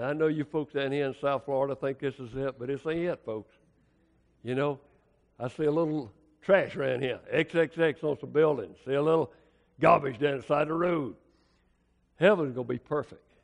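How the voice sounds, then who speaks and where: A man's voice: a little high, moderate pace, vocal fry. An American man preaching a sermon, telling stories in a folksy, colloquial, dramatic way. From United States. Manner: folksy, colloquial, dramatic storytelling with swings in loudness. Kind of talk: storytelling sermon. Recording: long hall reverb.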